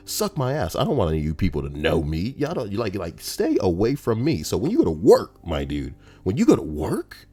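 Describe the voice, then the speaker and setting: A man reading out Reddit posts on a livestream, rambling and profane in a casual, animated way. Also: sits low, fast talker, few pauses.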